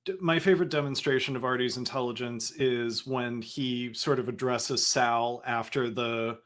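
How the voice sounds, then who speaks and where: A man's voice: medium pitch, steady tone, a bit bright. Wry man co-hosting a podcast. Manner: agreeable, quick to laugh, wry commentary. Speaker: podcast co-host. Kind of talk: casual chat.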